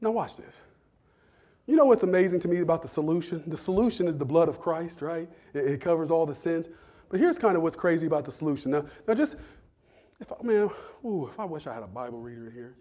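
A man's voice: on the high side, animated, fast talker, mellow. A man preaching a sermon in a church, talking to the congregation in a humorous, conversational way that builds into fervor. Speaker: pastor.

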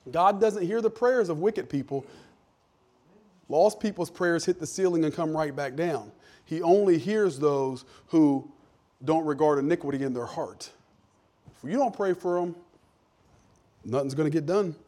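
A pastor preaching a sermon, conversational at first and building to loud, emphatic questions. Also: male voice, on the high side, a little slow, long pauses.

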